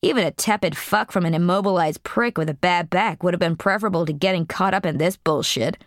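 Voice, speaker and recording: A woman's voice: on the low side, brisk, dry recording, clean studio sound. A woman narrating an audiobook in a blunt, profane first-person voice.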